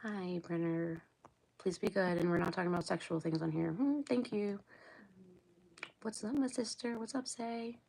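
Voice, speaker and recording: Gravelly-voiced chatty woman from Ohio. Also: mid-range voice, moderate pace, a little mellow. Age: middle-aged. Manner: chatty, rambling, laughs often, talks back to the chat. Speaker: livestream host. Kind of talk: casual livestream chat reading viewer comments.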